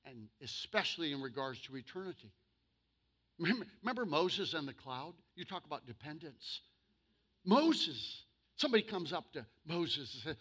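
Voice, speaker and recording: Male pastor, sermon delivery, bright and slightly high, jokes then slows for emphasis. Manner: humorous, with sudden loud bursts and slow emphatic stretches.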